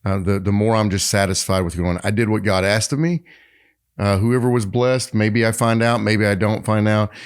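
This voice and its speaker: Guy with a lowish voice chatting on a podcast, lots of uh and like. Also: moderate pace, smooth. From Tennessee, United States. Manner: animated storyteller, frequent fillers and restarts. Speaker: podcast co-host. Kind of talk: casual chat.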